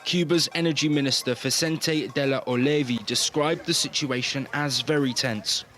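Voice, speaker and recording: A man narrating a news report in a measured, formal way. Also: mid-range voice, steady tone, fairly bright tone.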